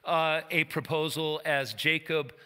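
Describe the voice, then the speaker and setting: A man's voice: on the high side, fairly even intonation, measured pace, pushed and bright, smooth, long reverb tail. A middle-aged man preaching as pastor of his church, folksy and joking, with emphatic turns. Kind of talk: sermon. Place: church sanctuary.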